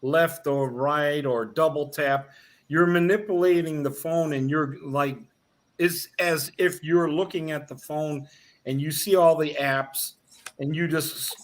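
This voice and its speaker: A man co-hosting a chatty interview over a video call, explaining things and laughing often. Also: a little high. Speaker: co-host. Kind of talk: casual conversation.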